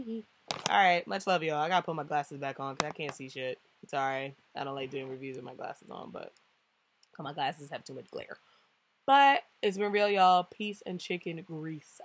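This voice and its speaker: A young woman from the New York–New Jersey area reviewing a TV show in a casual vlog, slangy and animated, often laughing and acting out what others said. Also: deep voice, vocal fry, slight background noise. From New York–New Jersey tri-state area.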